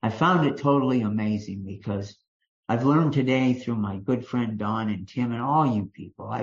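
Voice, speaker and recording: An older man with a Kentucky accent, speaking to a recovery meeting in a folksy storytelling way, full of restarts and fillers. His voice sits in a middle pitch. The recording is dull and lo-fi, taken in a meeting room. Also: gravelly. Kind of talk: personal recovery talk to a meeting.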